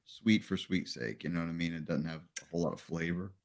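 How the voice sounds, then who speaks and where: A man's voice: low voice, fast talker, vocal fry. A man co-hosting a casual podcast, laid-back, telling a joke among friends. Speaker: podcast co-host.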